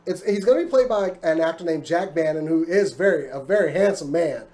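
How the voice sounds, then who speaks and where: A man's voice: on the high side, animated, a little fast, warm tone. A man in his thirties hosting a podcast in casual chat, rambling and jokey, often stopping to restart his sentences. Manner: rambling, jokey, self-interrupting. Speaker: podcast host.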